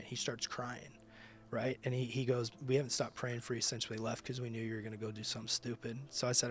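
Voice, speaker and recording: A man's voice: mid-range voice, flat delivery, fast talker. A man who leads a ministry, telling his personal testimony in conversation with emphatic, casual storytelling. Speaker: ministry leader.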